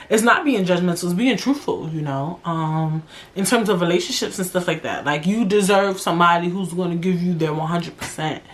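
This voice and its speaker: A young woman hosting a solo podcast, talking casually and bluntly, with a lot of swearing and slang. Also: fairly low pitch. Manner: blunt, profane, animated, drawling slang. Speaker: podcast host.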